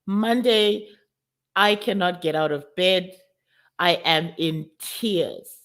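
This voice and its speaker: A woman's voice: lowish voice, slow, fairly bright tone. A woman with a college-age daughter, from South Africa, speaking candidly and with emotion as a summit speaker, often calling her audience "guys". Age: adult with college-age daughter. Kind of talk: personal testimony talk.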